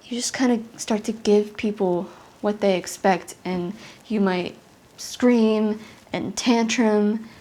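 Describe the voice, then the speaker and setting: A young adult woman performing a confessional comedy monologue, intense and halting, with an emotional delivery. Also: medium pitch, warm tone. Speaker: solo comedian. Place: apartment.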